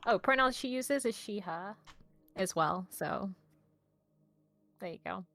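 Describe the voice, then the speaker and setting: A woman chats at an unhurried pace in a mid-pitched voice. She sounds cheerful and giggly as she introduces herself. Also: expressive, gravelly, a bit bright. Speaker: gaming channel leader and player. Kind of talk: casual chat.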